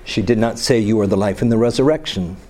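A man's voice: lowish voice, quick pace, dark tone. A man leading a Bible study, reading scripture aloud and then commenting casually with rhetorical questions and teasing asides. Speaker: Bible teacher.

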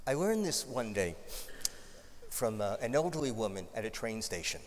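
A man's voice: mid-range voice, very animated, normal speed, big-room sound, slight background noise. A male preacher giving a sermon, telling stories in a conversational way with light humorous asides.

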